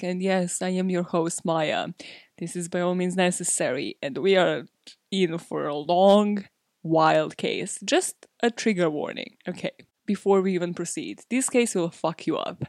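A woman's voice: on the low side, dry recording, clean studio sound. A woman hosting a true crime podcast, talking in a casual, candid way, with frequent fillers and swearing. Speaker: podcast host.

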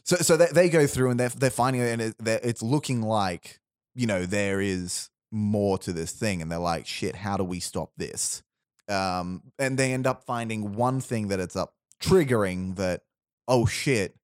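Recorded dry with clean studio sound, a man with a fairly low, smooth voice pitches a film idea on his podcast. His long, casual story rambles along with restarts, frequent laughter and quick asides.

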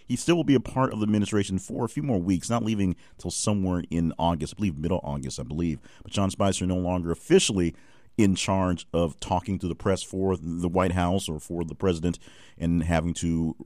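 A man's voice: deep voice, a little mellow, dry recording, clean studio sound. A man hosting a news recap podcast, giving wry, offhand commentary with frequent fillers.

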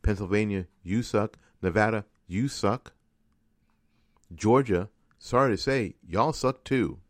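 Deep-voiced man ranting angrily. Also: takes it slowly, no room sound. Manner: angry, ranting, repetitive. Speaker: radio host. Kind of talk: political commentary monologue.

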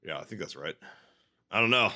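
A man co-hosting a casual film podcast, talking in a wry, offhand way with frequent swearing and restarts. His pitch sits in the middle but swings widely. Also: lively intonation, a little fast, pushed and bright. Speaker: podcast co-host.

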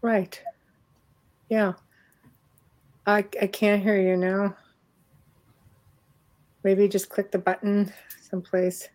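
A middle-aged woman with a Canadian accent, chatting away over a video call. She talks at an easy, ordinary pitch and breaks into laughter often as she tells her story. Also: flat delivery, slow pace, pauses often, darkish tone. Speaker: host. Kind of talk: casual chat on a video call.

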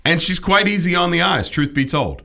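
A middle-aged man riffing in a loose comedic chat, his voice bright and forceful. He rants with mock indignation, and his pitch swings widely as he makes his points. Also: animated, a little fast, gravelly. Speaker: podcast co-host.

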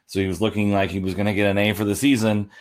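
Deep-voiced man, earnest podcast co-host, measured delivery, um and you know. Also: level tone. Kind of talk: casual sports podcast chat.

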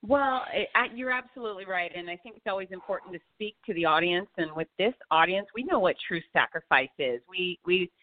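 A woman's voice: on the low side, lively intonation, a little fast, hardly any pauses. A woman guest from Florida, talking fitness in a live interview, blunt and emphatic. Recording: dry, tinny phone-like line.

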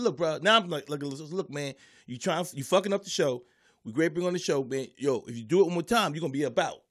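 A man who is a stand-up comedian, casually telling a story and acting out the voices and noises of the people in it. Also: a little high.

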